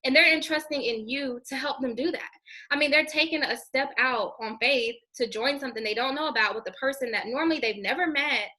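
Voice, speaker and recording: A young woman giving a casual, high-energy training talk to her sales team, chatty and upbeat. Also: a little fast, sharp tone. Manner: high-energy, chatty, says "girl" and "you guys" a lot. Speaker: network marketing team trainer.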